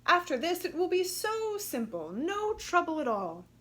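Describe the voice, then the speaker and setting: A woman voicing a gentle, sad mother kangaroo in a storybook reading, speaking in a pleading way. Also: very high voice, very animated, a little slow, pitched above the performer's own voice, exaggerated voice. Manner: plaintive, pleading. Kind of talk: storybook read-aloud.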